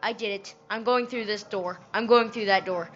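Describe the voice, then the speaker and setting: A woman gaming and talking to herself, excitable and breaking into loud outbursts, recorded with dull, lo-fi audio. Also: mid-range voice, moderate pace, soft background music. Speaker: gamer. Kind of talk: let's play commentary.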